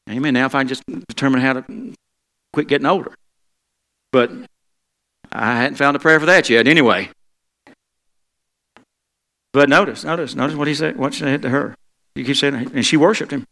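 A pastor, preaching a folksy sermon with call-and-response and leading a prayer. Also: male voice, medium pitch, gravelly, a bit bright.

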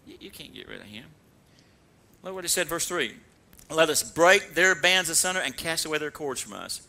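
Man, pastor, sermon, high-pitched, very bright tone, animated delivery. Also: moderate pace, creaky. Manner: animated preaching, acts out mocking dialogue.

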